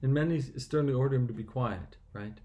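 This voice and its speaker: A man's voice: mid-range voice, brisk, dark tone. A man reading a scripture passage and then reflecting on it in an earnest, conversational way, often restarting his sentences. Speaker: church reflection speaker.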